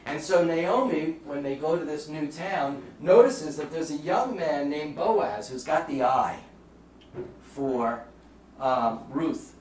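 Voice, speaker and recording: A man's voice: fairly high pitch, slow, a little mellow. A middle-aged man with a Bronx accent giving a chatty, joking talk to a live audience. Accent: New York (Bronx). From the Bronx, New York. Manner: chatty, jokey storyteller with audience asides. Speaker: lecturer. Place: lecture room. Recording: roomy sound, from far off, faint background noise.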